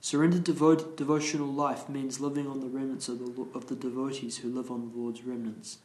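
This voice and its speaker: A man leading a morning class, reading scripture aloud slowly and carefully and explaining it, restarting some verse words. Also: mid-range voice, flat delivery, darkish tone. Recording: roomy echo.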